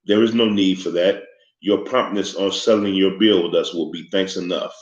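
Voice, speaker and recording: Here a man reads from a storybook as a courteous older crime boss, formal and unhurried, with a thick foreign accent. His voice is low, steady and natural, captured in an echoey, slightly muffled room.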